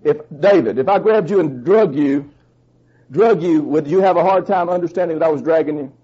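Male preacher, emphatic sermon delivery, slightly husky high voice. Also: fairly quick, mellow, lo-fi sound. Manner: fervent, emphatic, rises in pitch when stressing points; asks the congregation questions.

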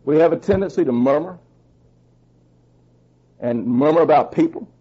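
Male preacher, emphatic sermon delivery, slightly husky high voice. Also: moderate pace, lo-fi sound. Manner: fervent, emphatic, rises in pitch when stressing points; asks the congregation questions.

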